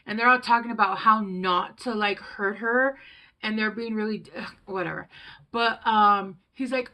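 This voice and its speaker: Chatty tarot lady rambling through a reading, bit of vocal fry, bright edge. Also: mid-range voice, steady tone, a little slow. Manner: rambling, chatty, many fillers. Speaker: tarot reader.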